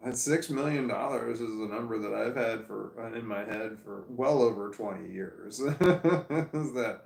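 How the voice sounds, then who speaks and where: A man's voice: mid-range voice, a little slow, creaky, darkish tone, reverberant. A middle-aged man in casual livestream chat, reading out viewer comments, rambling and self-mocking with frequent laughter. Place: room at home, seated in armchair. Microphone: phone.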